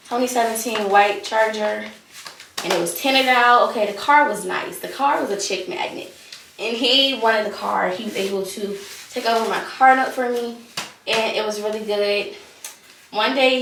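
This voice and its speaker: A woman's voice: mid-range voice, moderate pace, vocal fry, roomy sound, distant mic, slight background noise. A young woman in her early twenties candidly telling a personal story in a casual vlog, acting out both sides of the conversations. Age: young adult. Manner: candid, animated retelling with quoted dialogue. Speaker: vlogger.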